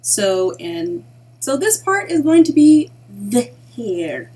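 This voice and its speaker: A woman narrating a casual digital art tutorial in a chatty way, often dropping into soft half-whispered asides to herself as she works. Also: on the high side, very animated, slow, breathy edge, rough recording. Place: at home at her computer.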